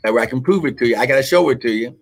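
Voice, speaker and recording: A man's voice: mid-range voice, expressive, rapid-fire. A man preaching a live-streamed sermon, with fervent repetition, calls of glory and speaking in tongues, greeting online viewers by name.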